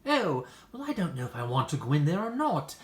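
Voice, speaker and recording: A woman's voice: sits low, very animated, fairly quick. Woman doing a gushing, flirtatious man. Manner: theatrical, gushing. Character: smooth-talking flirtatious man. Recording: echoey room.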